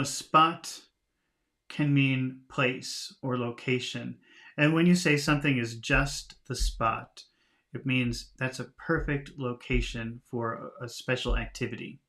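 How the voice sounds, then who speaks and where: A man's voice: mid-range voice, a bit bright. A man teaching English, reading a storybook aloud and patiently explaining its words with small laughs, streaming live from home.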